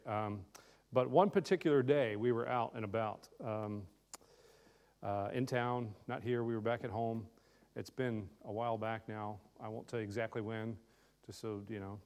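A middle-aged man, a visiting speaker, telling a family story to a live audience in a relaxed, self-deprecating way, with many ums and direct questions to the listeners. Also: medium pitch. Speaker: visiting speaker addressing a congregation.

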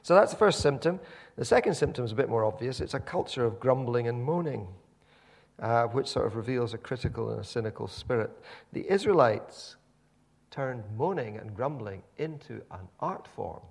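A man's voice: mid-range voice, animated, normal speed, vocal fry, breathy edge. A man preaching a sermon, telling the story animatedly with many repeated words and restarts.

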